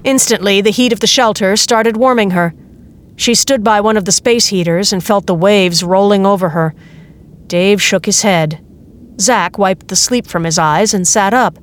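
A woman reading a novel aloud as narrator, in a steady, measured way. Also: mid-range voice. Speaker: audiobook narrator. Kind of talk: scripted narration.

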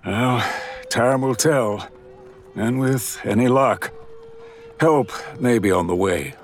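A man narrating a western audiobook voices a cool, refined male gambler who speaks with measured, formal diction. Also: medium pitch, soft background music, natural voice. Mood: dry.

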